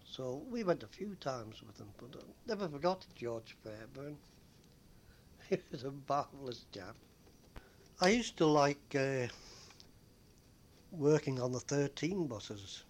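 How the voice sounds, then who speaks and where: An older man telling stories from his days as a bus conductor, rambling with frequent pauses and fillers. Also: medium pitch, animated, slight background noise. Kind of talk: oral history reminiscence.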